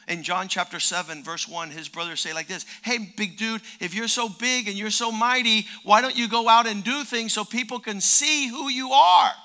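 A man preaching a sermon as pastor, animated, jumping from quiet asides to loud shouts. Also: high voice, moderate pace, hardly any pauses.

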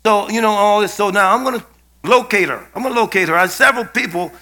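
A man's voice: high-pitched, fast, bright, forceful tone. A man, a bishop, preaching and telling a personal story to his congregation, asking them to fill in answers. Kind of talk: sermon with storytelling.

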